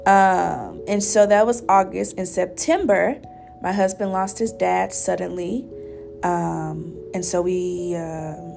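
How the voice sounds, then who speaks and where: A young woman hosting a personal podcast, speaking softly and earnestly in a reflective monologue with pauses and restarts. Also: on the low side, fairly even intonation, vocal fry, faint music behind. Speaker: podcast host.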